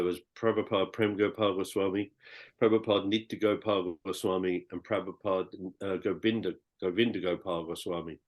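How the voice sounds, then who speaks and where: Brief: British man, low voice, rambling heartfelt podcast storyteller. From Britain. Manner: rambling and heartfelt, with many restarts. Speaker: podcast guest. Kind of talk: personal storytelling.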